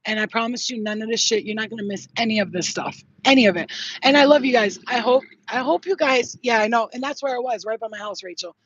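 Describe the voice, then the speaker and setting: A woman talking casually to her viewers as a spiritual healer vlogger, chatty and swearing freely, with warm sign-offs. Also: fairly high pitch, fast, slight background noise. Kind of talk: casual live vlog chat. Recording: muffled dry sound.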